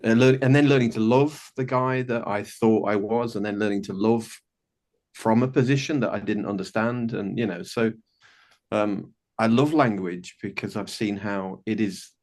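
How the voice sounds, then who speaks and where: Fifties man, video call from home, warm rambling storyteller, frequent restarts. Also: lowish voice, steady tone, moderate pace. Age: 50s. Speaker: participant sharing a story. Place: home bedroom.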